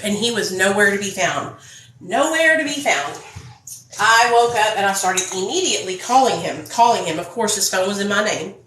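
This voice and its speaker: A woman's voice: medium pitch, fairly quick, few pauses, a bit bright, reverberant, a little hiss or hum, low-quality recording. A woman telling her own story to viewers in a casual, blunt, profane vlog. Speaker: vlogger.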